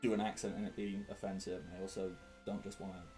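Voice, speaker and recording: A man's voice: sits low, little pitch movement, fast, dark tone, soft background music. A man, rambling and laughing as he chats while running a tabletop game. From England (Sheffield). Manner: rambling, chatty, laughs often. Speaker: game master. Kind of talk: casual chat at a tabletop game.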